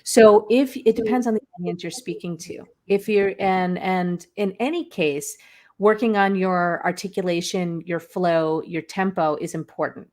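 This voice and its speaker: An American woman who is a guest on an online show, explaining speaking skills in a quick, energetic way. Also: lowish voice. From United States. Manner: quick, energetic, self-described fire hose. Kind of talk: conversational expert explanation.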